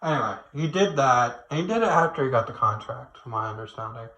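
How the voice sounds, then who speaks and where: A man's voice: mid-range voice, animated, quick pace, sharp tone. A man giving a casual late-night opinion rant at home, rambling and swearing, with frequent restarts. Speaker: online commentator. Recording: echoey room.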